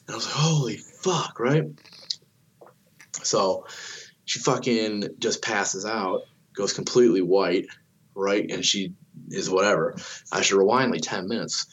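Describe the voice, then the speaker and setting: A man's voice: low voice, fairly even intonation, moderate pace, a bit bright. A young man casually telling a long story, swearing a lot, filling his speech with "like" and acting out what people said. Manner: swears a lot, fillers like "like", acts out dialogue.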